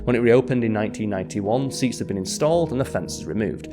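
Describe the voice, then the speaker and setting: A man narrating a scripted history documentary, measured, with dry and wry asides. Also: fairly low pitch, music in the background.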